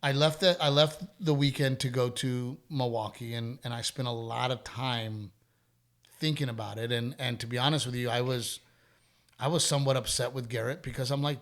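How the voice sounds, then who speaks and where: A man's voice: medium pitch, steady tone, normal speed, a bit bright. A middle-aged man hosting a podcast, talking candidly in casual chat and telling stories with emphatic repetition. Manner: candid, storytelling, repeats himself when emphatic. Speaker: podcast host.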